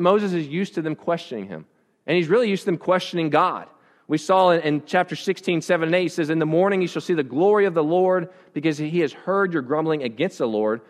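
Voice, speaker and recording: A man's voice: a little high, in a large hall. A pastor preaching a conversational sermon to his congregation, often restarting his phrases. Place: church.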